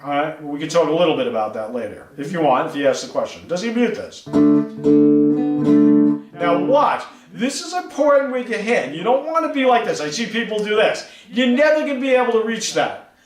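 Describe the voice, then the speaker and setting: A man's voice: sits high, expressive, brisk, reverberant, distant mic. A man teaching guitar on a live stream, coaching step by step and often checking in with "right?" and "see that?". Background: guitar playing.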